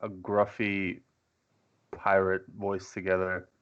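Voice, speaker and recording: A man's voice: deep voice, monotone, slow, fairly bright tone, muffled recording. A man making dry, wry remarks in casual tabletop game chat. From New York. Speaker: player.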